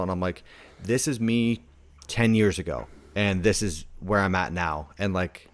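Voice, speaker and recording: A man's voice: low voice, unhurried, dry recording. A man co-hosting a podcast, telling a story in a laid-back casual chat, full of filler words. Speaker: podcast co-host.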